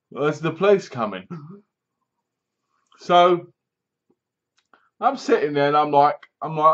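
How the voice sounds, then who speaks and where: A man talks through a horror film in a loose, chatty review, acting out scenes with bangs and booms. His voice sits a little high, and the recording is dull and lo-fi. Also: slow pace, long pauses. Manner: rambling, animated retelling with sound effects and asides. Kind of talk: casual spoken film review.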